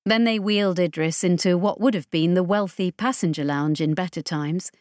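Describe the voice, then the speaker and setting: A woman with a fairly low voice gives scripted narration of a science fiction audiobook, steady and measured. The recording is studio quality with no room sound.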